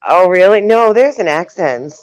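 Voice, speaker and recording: A woman's voice: fairly low pitch, lively intonation, moderate pace, no echo, highs cut off. A woman with a New York accent hosting a casual chat, talking loosely with lots of fillers and frequent laughs. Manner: chatty, laughs often, trails off with fillers. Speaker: host.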